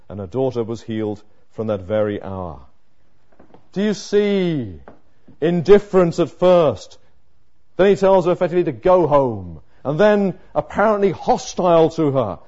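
A man preaching an expository sermon, dramatic, moving from hushed lines to emphatic ones. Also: a little high, animated, normal speed. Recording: muffled lo-fi sermon recording.

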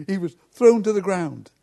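A man's voice: sits high, lively intonation, slow, vocal fry, warm tone. A man, a pastor preaching a sermon directly and earnestly to his congregation.

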